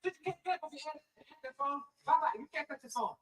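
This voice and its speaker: A man's voice: extremely high pitch, quick pace, far from the mic, faint music behind, low-quality recording. A man putting on the voice of a drunk, belligerent father who rants and swears at his wife in a stand-up bit, slurring his words. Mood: petty scolding. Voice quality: slurred, loud and profane.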